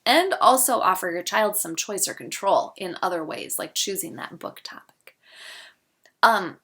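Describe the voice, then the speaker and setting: Bright-voiced woman teaching parenting. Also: medium pitch. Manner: gentle, acts out parent and child examples. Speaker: parenting educator. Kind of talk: instructional talk to camera.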